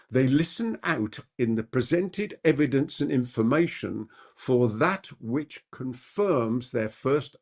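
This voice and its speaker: Animated, fast-talking male trainer. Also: vocal fry. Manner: quick-talking, asks the audience rhetorical questions; animated, with big pitch swings. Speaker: persuasion trainer. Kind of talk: live masterclass lecture.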